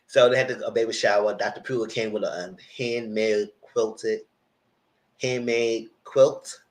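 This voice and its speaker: His voice is lowish and fairly even in intonation, with an unhurried delivery on a rough recording. As host of a live TV review, he rambles chattily through episode recaps and drops into character voices.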